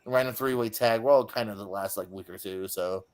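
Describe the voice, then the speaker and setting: A man's voice: lowish voice, fairly quick. A man co-hosting a podcast in casual chat, joking and teasing. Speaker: podcast co-host.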